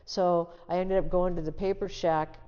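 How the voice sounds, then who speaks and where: A woman's voice: fairly low pitch, steady tone, moderate pace, mellow, clean tone. A woman in her sixties from the Seattle area, telling her life story as an interview guest in a candid, plain-spoken way. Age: 60s. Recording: dull, lo-fi sound with long reverb.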